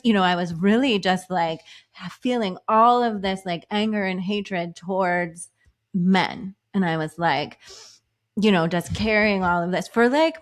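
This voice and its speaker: A woman's voice: medium pitch, moderate pace. A woman co-hosting a podcast, chatting casually with lots of "like" fillers and acting out her own past thoughts. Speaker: podcast co-host.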